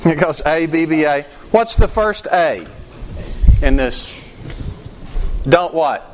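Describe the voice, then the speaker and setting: Higher-voiced man preaching interactively. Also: animated, slow, slight background noise. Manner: asks the congregation questions, acts out quoted outbursts. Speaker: pastor. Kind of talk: interactive sermon.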